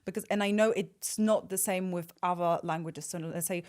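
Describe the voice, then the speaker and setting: A woman whose first language is Polish, hosting a podcast and asking a guest questions in relaxed conversation. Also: lowish voice, moderate pace. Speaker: podcast host. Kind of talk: casual interview chat.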